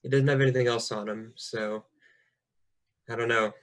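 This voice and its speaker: A man's voice: mid-range voice, steady tone, moderate pace, fairly bright tone. A man playing a tabletop game, speaking hesitantly and restarting phrases. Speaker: player.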